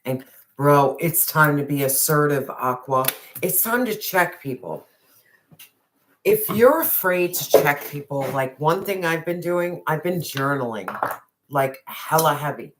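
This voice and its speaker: Tarot reader talking slow and heavy, fired up, cussing, whispers sometimes. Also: mid-range voice, background noise. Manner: intense and emphatic, with slangy address and swearing; drops to a whisper on some phrases. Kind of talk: intuitive tarot reading to a viewer.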